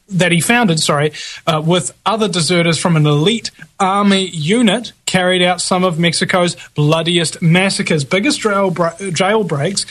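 A man's voice: high voice, fairly bright tone. A man hosting a talk radio show, reading the news with blunt slangy asides and many fillers and restarts.

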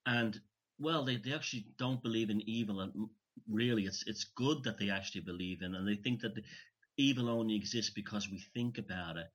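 A man's voice: on the low side, a little fast, fairly bright tone, husky. A man in a casual chat who talks earnestly, often trailing off and restarting his thoughts. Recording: dull, muffled sound.

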